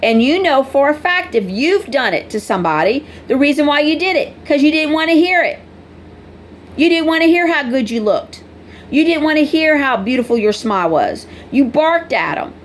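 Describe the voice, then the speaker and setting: A woman's voice: sits high, lively intonation, moderate pace, a little hiss or hum. A woman vlogger talking casually and bluntly to her viewers, scolding them in a preachy way. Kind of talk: casual direct-to-camera talk.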